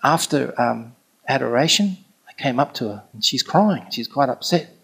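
A middle-aged man, telling a story in an animated way and acting out what others said. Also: mid-range voice, normal speed, gravelly, husky. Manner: animated, acts out quoted speech. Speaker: pilgrimage companion telling a story. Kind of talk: anecdotal storytelling.

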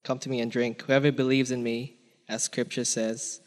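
A man's voice: medium pitch, flat delivery, moderate pace, a little mellow. Man reading scripture in a hall. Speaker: congregation reader. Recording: distant reverberant hall.

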